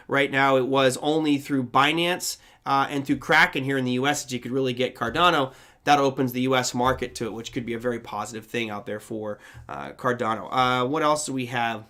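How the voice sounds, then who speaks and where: A man's voice: mid-range voice, fairly bright tone. A man hosting a casual live trading show, talking in a chatty, loose way and often correcting himself. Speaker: host. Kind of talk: casual livestream talk.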